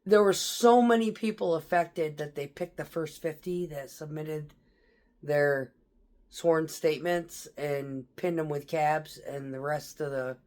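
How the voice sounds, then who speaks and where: A woman's voice: low voice, a little mellow. Blunt, profane woman veteran telling war stories. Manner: profane, blunt, laughs through tense memories. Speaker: military veteran. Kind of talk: casual storytelling.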